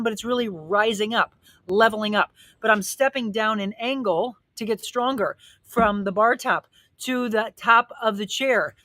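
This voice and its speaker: A woman's voice: fairly high pitch, no echo. A woman fitness coach and host, slightly out of breath, energetically demonstrating a workout outdoors by a pool and encouraging viewers while reading their comments. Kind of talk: live workout demo and motivational talk. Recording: loud background noise with clicks.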